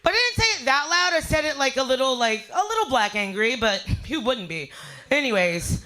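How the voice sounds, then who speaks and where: Brash high-voiced woman comic. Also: lively intonation, a little fast, sharp tone. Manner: brash, profane, storytelling with big voiced asides. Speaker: stand-up comedian. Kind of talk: stand-up comedy set. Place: live fundraiser show.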